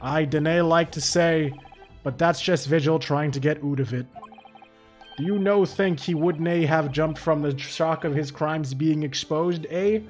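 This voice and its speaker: A man reading a defensive older male prison governor aloud from a game, in a halting put-on Scottish dialect. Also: on the high side, fairly even intonation, darkish tone, faint music behind, lightly acted. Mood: gruff.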